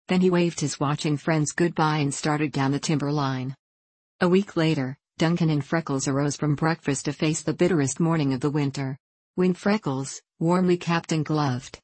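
Low-voiced woman reading a novel. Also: a little mellow, breathy edge, no room sound. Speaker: audiobook narrator. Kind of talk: scripted narration.

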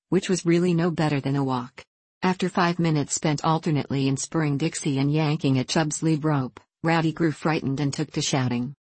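Low-voiced woman narrating a story. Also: darkish tone, husky, dry recording. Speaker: audiobook narrator. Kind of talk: scripted narration.

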